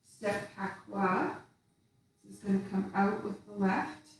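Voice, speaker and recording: A woman teaching tai chi, calmly talking through each step and movement. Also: mid-range voice, slow pace. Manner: calm, instructive, counting out steps. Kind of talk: guided movement lesson. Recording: echoey room from far off.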